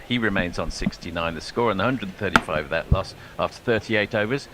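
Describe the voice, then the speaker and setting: A man calling cricket ball by ball, measured and trailing off at the ends of phrases. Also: sits low, sharp tone, slight background noise. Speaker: cricket commentator. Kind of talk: ball-by-ball radio commentary.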